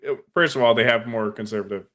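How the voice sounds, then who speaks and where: A man's voice: mid-range voice, fast, fairly bright tone. Rambling storyteller man from New Jersey. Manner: rambling storyteller, acts out the people he quotes. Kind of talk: casual podcast chat.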